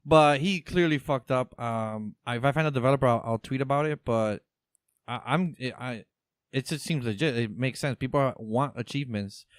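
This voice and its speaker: A man's voice: mid-range voice, moderate pace, smooth, dry recording, clean studio sound. A man co-hosting a casual gaming chat, swearing freely and stammering through restarts. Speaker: podcast co-host.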